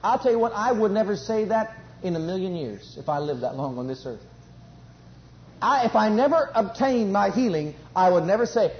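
Fervent high-voiced male preacher, lo-fi. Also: expressive, moderate pace. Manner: fervent, swings from loud emphasis to quiet low asides. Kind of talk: sermon. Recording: dull lo-fi recording.

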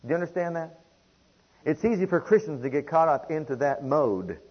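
A man preaching a sermon with a dynamic delivery, swinging from quiet to loud and repeating phrases for emphasis. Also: on the high side, animated, normal speed, breathy edge, highs cut off.

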